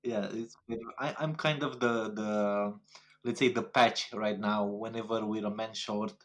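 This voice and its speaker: A man with a fairly low voice chats as a podcast guest. He talks in a halting, self-deprecating way. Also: steady tone, crowd noise. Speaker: guest, amateur player. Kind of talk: casual podcast chat.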